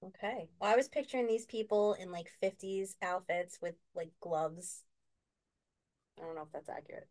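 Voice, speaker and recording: A woman's voice: on the low side, moderate pace, darkish tone. A woman co-hosting a podcast, chatting casually and improvising a story in a jokey manner full of "you know"s. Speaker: podcast co-host.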